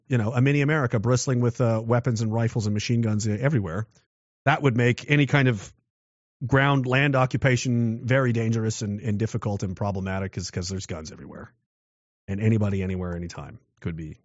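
A Canadian man delivers a rambling political commentary monologue full of restarts and rhetorical questions. His mid-range voice moves a little fast, and the recording is dull, dry, lo-fi, with no echo.

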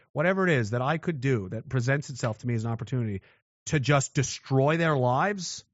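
A man's voice: mid-range voice, no room sound, highs cut off. A man delivering a blunt, aggressive monologue rant, mocking those who show mercy.

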